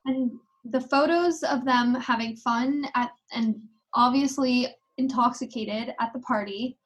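A teenage girl co-hosts a casual podcast in a high, bright-sounding voice. She talks in a chatty, playful way and teases her guest. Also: low-quality recording. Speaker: podcast co-host. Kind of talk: casual chat.

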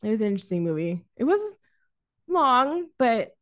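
A woman co-hosting a podcast, chatting casually about films, animated, laughing often and swearing freely. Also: on the high side, normal speed. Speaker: podcast co-host. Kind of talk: casual film review chat.

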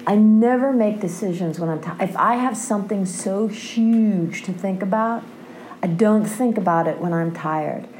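A woman shares her recovery in earnest, passionate terms, frequently tossing in a questioning "right?" Her medium-pitched voice is a little slow and mellow, and the rough recording carries some hiss or hum.

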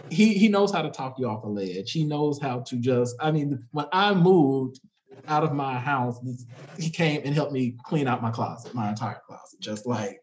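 A man talking in a casual chat among friends, halting and laughing between phrases. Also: medium pitch, lively intonation, darkish tone, a little hiss or hum, rough recording.

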